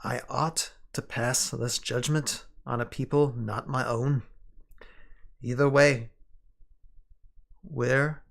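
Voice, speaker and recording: A man voicing a solemn male elf scholar, an outcast mourning lost knowledge, in a slow, grave reading. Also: mid-range voice, gravelly.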